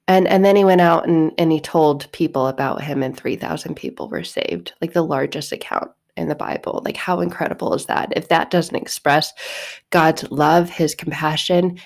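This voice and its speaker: A woman's voice: sits low, moderate pace, a little mellow. A woman hosting a podcast, talking casually and animatedly about faith, acting out quotes, laughing often and swearing now and then. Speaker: podcast host. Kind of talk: casual spiritual talk.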